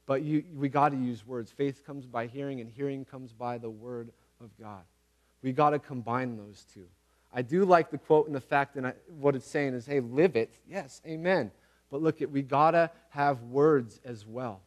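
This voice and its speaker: A man's voice: medium pitch, moderate pace. A man preaching a casual, conversational sermon, earnest and repeating phrases for emphasis, with everyday slang. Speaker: pastor.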